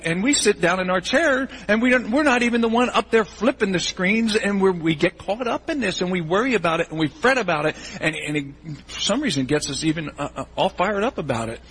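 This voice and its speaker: A male pastor giving a sermon in a church, animated and acting out the voices of churchgoers in quick asides. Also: sits high, slightly rough, poor audio.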